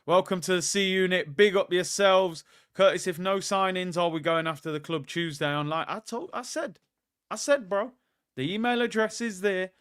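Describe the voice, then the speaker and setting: A man's voice: on the high side, a bit bright, clean tone. A man hosting a casual livestream, chatting loosely, reading out viewer comments and calling his audience "people". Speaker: football fan channel host.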